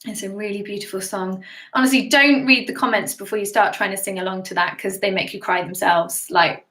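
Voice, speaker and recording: A woman's voice: medium pitch, steady tone, brisk, a bit bright, reverberant. A British woman hosting a casual live stream as a singer, chatting and giggling while she reads out viewer comments.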